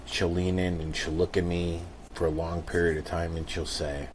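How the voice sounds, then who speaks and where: A man's voice: sits low, expressive, brisk, hardly any pauses, a bit bright, slight background noise. A man co-hosting a podcast, talking earnestly and emphatically in a candid conversation. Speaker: podcast co-host.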